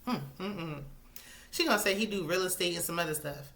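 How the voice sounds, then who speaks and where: A sassy woman with a lowish, bright, forceful voice chats through her reality TV recap. She drops into asides and shoots up into high exclamations when something annoys her. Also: a little fast. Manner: sassy, animated commentary with sudden high-pitched exclamations. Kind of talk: casual chat.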